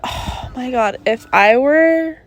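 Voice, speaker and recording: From her bedroom at her parents' home, a young woman hosts a casual solo podcast in a high-pitched voice with lively intonation. She speaks slowly, rambling chattily through stories with many fillers and asides.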